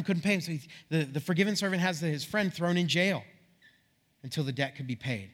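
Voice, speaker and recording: Middle-aged pastor guy preaching, chatty and animated, kinda high voice for a man. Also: brisk. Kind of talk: sermon.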